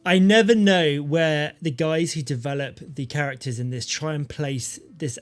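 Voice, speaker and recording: A man's voice: a little high, normal speed. A man giving casual, joking commentary while streaming a game. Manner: chatty, joking.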